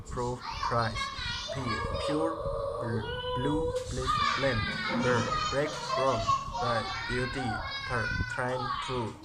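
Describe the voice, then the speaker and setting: A young man, a student, reading a class presentation aloud and slowly working through word lists. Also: mid-range voice. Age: young adult. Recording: loud background noise.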